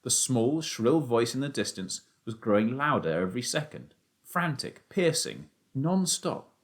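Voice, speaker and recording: A man's voice: mid-range voice, measured pace. A man reading a children's novel aloud as a first-person audiobook narrator. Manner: expressive storytelling, narrating as a boy.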